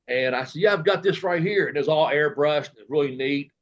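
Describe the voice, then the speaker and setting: A man's voice: on the high side, fairly quick, dull audio. A man, a guest telling long, rambling stories full of quoted dialogue and fillers in a casual interview. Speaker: guest, retired professional wrestler.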